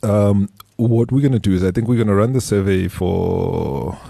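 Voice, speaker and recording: Deep husky-voiced man. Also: dark tone, no echo. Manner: loose, rambling, with restarts and quick laughs. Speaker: podcast co-host, business strategist. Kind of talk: casual podcast chat and ad reads. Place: studio.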